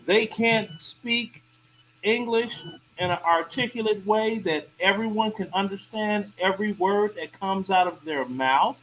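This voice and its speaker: High-voiced man, animated and incredulous. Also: normal speed, few pauses, a little hiss or hum, low-quality recording. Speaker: podcast co-host. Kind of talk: casual discussion.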